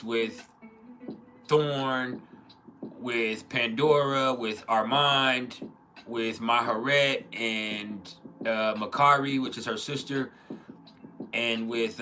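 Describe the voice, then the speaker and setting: A man's voice: mid-range voice, bright, forceful tone. A man hosting a casual livestream, rambling, often restarting his sentences and reading out chat comments. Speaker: livestream host.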